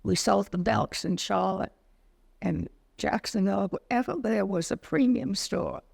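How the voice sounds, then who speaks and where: Creaky-voiced older woman telling stories. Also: mid-range voice, a little slow. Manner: lively anecdotal storytelling, acts out quoted dialogue. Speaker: interviewee, retired business owner. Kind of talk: storytelling interview.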